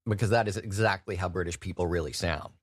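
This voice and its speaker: A man hosting his own podcast, telling stories in a wry, animated way. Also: low voice, fast, slightly rough, no room sound, studio quality. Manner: wry, animated storytelling with mocking impressions. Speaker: podcast host. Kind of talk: solo podcast monologue.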